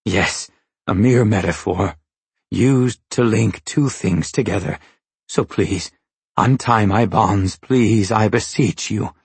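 Man voicing a husky, cowering metaphor creature. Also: fairly low pitch, slow, dry recording, heavily acted. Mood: pleading. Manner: archaic, pleading formal speech. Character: timid bearded male metaphor creature.

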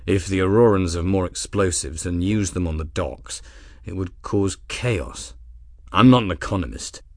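A man doing a steady, plain-spoken ship captain. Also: low voice, dry recording, studio quality. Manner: quiet, steady, matter-of-fact. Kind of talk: audiobook character voice.

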